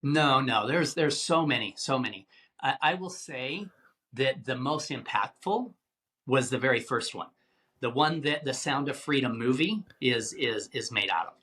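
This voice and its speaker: A middle-aged man, a podcast guest, recounting a tense rescue mission in vivid, animated storytelling with acted-out quotes. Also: mid-range voice, measured pace. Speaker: guest, anti-trafficking rescuer. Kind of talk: dramatic storytelling in a podcast interview.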